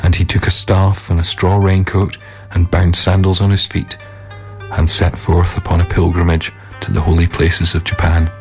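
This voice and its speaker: Deep-voiced man reading a folk tale. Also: completely flat delivery, moderate pace, darkish tone, faint music behind. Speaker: storyteller. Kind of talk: scripted narration of a folk tale.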